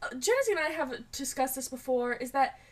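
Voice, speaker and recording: A young woman co-hosting a podcast in casual chat, dropping deadpan jokes and asides. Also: high voice, fairly quick, over a noisy crowd. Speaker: podcast co-host.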